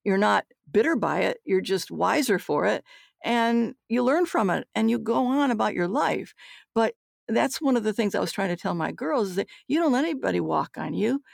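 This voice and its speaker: An older woman speaks with a heavily gravelly, creaky voice, recorded dry and close. She is a psychologist guest who tells her stories bluntly and acts out each line of dialogue. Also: mid-range voice, expressive, moderate pace, no echo. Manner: forthright, acts out quoted dialogue. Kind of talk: candid storytelling interview.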